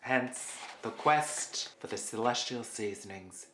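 A man's voice: mid-range voice, slow, pushed and bright, a little hiss or hum. Mock-dramatic man in an echoey clip. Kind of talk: video monologue. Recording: echoey room clip played through speakers.

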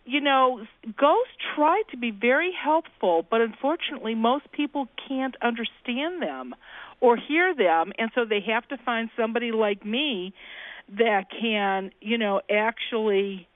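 This ghost-talking cookbook author, a woman, is heard on a tinny phone call as an interview guest, sharing folksy ghost stories and performing the voices of the people she quotes. Her voice sits on the high side, expressive and unhurried, and the recording is dry.

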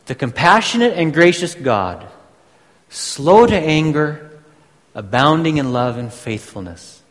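A man preaching a sermon, teaching slowly and deliberately with emphatic pauses. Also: on the high side, very animated. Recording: long hall reverb.

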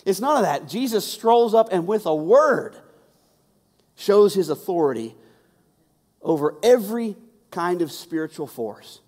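A man's voice: high-pitched, very animated, measured pace, pauses often, darkish tone. A male pastor preaching a sermon in a conversational way, often repeating words for emphasis. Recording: long hall reverb.

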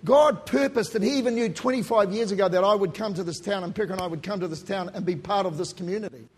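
A middle-aged New man preaches in a husky, breathy voice that sits fairly high for a man. He tells his own story with animated swings, building to loud emphasis and then dropping to quiet asides. His New comes through plainly. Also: fast. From New Zealand. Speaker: pastor. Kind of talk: sermon with personal story.

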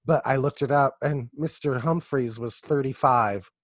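A man's voice: medium pitch, unhurried, dry recording, studio quality. A man co-hosting a podcast, trading wry, sarcastic remarks in casual banter and swearing freely. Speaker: podcast co-host.

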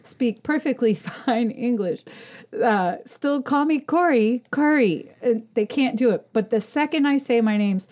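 A woman who chats casually as a podcast guest, telling animated, swearing stories and acting out what people said. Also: fairly high pitch, a little slow. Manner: animated, swearing storyteller who acts out voices. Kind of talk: casual chat.

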